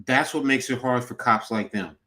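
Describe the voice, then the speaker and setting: A man's voice: mid-range voice, moderate pace, sharp tone. A middle-aged man, a coach co-hosting a podcast, speaking earnestly in a casual chat and giving advice with frequent restarts.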